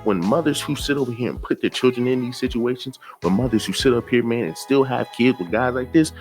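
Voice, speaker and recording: A man's voice: medium pitch, a little fast, a little mellow, faint music behind. A man giving reaction commentary in a preachy way, repeating himself and asking rhetorical questions.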